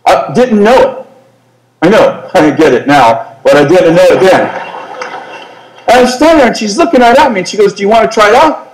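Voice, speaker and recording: A male preacher telling a story in an animated, self-mocking comic way during a sermon. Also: sits high, normal speed, pauses often, reverberant, poor audio.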